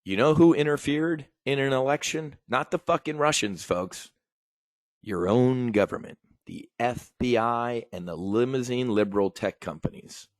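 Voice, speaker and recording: A man's voice: mid-range voice, normal speed, no room sound. A man hosting a show, ranting bluntly and profanely about politics in casual talk, often calling his listeners folks. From United States. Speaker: podcast host.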